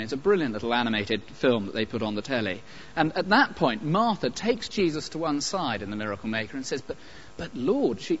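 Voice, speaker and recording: Animated preacher, lo-fi sound. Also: male voice, medium pitch. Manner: emphatic, animated preaching with pauses and asides. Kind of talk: sermon. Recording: dull lo-fi recording.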